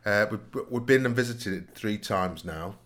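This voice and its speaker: A man's voice: lowish voice, normal speed, a bit bright. A man, co-hosting a casual podcast chat, joking and teasing with bursts of laughter. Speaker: podcast co-host.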